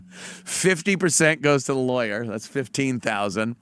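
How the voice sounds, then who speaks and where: A man's voice: mid-range voice, expressive, unhurried, fairly bright tone, clear, resonant tone, no room sound, studio quality. A man hosting a commentary show, reacting to clips in a mocking, profane way. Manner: mocking, profane, mimics voices. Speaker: commentary channel host.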